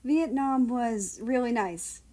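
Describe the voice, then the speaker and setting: A woman's voice: a little high, slow pace, dark tone, pitched above the performer's own voice. A woman voicing a glum, rambling, self-deprecating young man in a fan-fiction audiobook reading.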